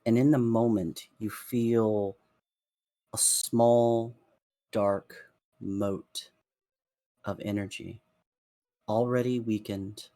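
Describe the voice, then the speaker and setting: A man narrating a tabletop game as dungeon master, in a hushed, drawn-out storytelling manner with soft fillers. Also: lowish voice, steady tone, no room sound. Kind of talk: slow descriptive game narration.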